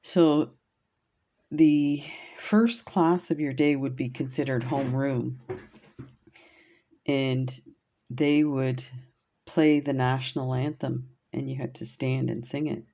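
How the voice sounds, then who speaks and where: A woman from Canada rambles through her stories as she beads and laughs easily. She speaks slowly, and her voice has a gravelly fry. The recording sounds dull and lo-fi. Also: rumbling low, steady tone. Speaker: beading vlogger. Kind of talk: casual storytelling while beading.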